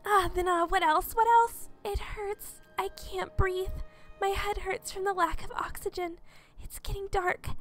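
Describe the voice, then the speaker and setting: A woman reading a frightened, earnest young game heroine in a high, breathless, anxious way. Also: moderate pace.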